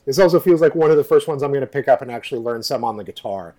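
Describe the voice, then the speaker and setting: A man's voice: mid-range voice, animated, rapid-fire, dark tone. A man co-hosting a music podcast, talking enthusiastically with stammering restarts. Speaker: podcast co-host. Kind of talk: casual chat about music.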